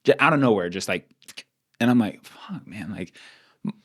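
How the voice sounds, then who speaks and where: A man co-hosting a podcast in casual chat, blunt and profane, ranting fast with lots of "like". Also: on the low side, lively intonation. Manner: fast rants with repeated "like". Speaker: podcast co-host.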